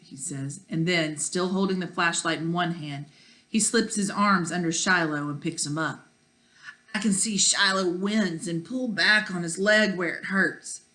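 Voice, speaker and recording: Teacher reading a chapter book to kids, lowish voice, bright tone. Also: female voice. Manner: warm, chatty asides to kids. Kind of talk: reading a children's novel aloud.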